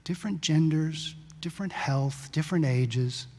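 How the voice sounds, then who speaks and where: A male pastor preaching a sermon in a conversational storytelling way, sometimes brisk, sometimes slow and hushed. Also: a little high. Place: church sanctuary. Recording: long church-hall reverb.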